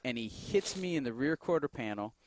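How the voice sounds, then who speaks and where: A man's voice: mid-range voice, fairly quick, slight background noise. Laughing man telling a story. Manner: animated storyteller, laughs often. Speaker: podcast co-host. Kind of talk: casual storytelling chat. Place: gym, inside a fighting cage.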